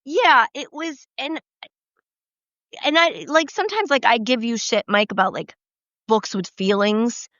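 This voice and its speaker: Blunt, fairly high-voiced woman. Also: measured pace, a bit bright, dry recording, lo-fi sound. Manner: blunt, swears, hesitant restarts. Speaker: podcast co-host. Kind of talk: casual chat.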